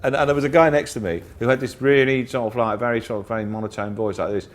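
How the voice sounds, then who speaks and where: A man being interviewed as a guest comedian, telling anecdotes in a lively way and mimicking other people's voices. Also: medium pitch, quick pace. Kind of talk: casual interview chat.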